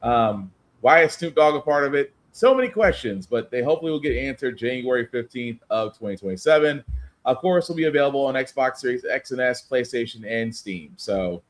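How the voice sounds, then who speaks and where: A man's voice: mid-range voice, animated, fairly quick. A man hosting a casual podcast chat, leading the talk and handing topics to his co-hosts. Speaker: podcast host.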